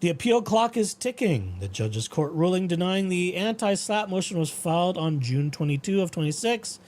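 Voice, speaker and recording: A man's voice: high-pitched, moderate pace. A man hosting a casual talk show, rambling about his dreams and reading out legal updates. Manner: rambling, animated quoting of dreams. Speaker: podcast host.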